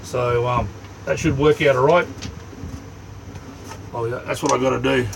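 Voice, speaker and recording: A middle-aged Australian man hosting a casual livestream from inside his small camper, rambling in a relaxed way and greeting viewers by name. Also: medium pitch, a little slow, vocal fry, noisy background. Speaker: livestream host.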